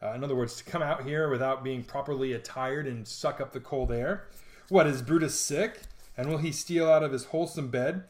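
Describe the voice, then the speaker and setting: A literature teacher with a medium-pitched voice talks a little fast, barely pausing, as he gives a casual, jokey lesson on a play. He reads lines aloud and then retells them in slangy modern language, keeping things chatty.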